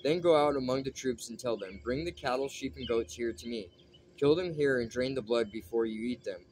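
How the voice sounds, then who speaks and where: A man's voice: mid-range voice, brisk, a little mellow, slight background noise, lightly acted. Saul, a man voicing a commanding king.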